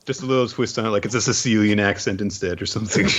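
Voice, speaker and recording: A man's voice: lowish voice, quick pace, slight background noise. A man co-hosting a podcast in casual chat, summarizing the story in a loose way with many asides. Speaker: podcast co-host. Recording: dull lo-fi mic.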